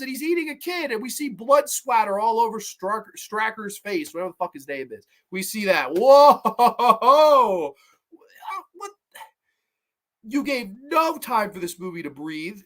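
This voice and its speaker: A man's voice: sits high, a bit bright. A man hosting a horror movie review show, ranting in a profane, heated and sarcastic way. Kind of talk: solo movie review rant.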